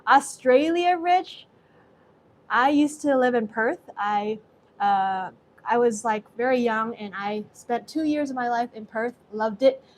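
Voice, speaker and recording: A woman's voice: fairly high pitch, a little slow, slight background noise. A young woman with an American accent hosting a live cooking stream from her kitchen, chatty and effusive as she thanks viewers by name. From Singapore. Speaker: host.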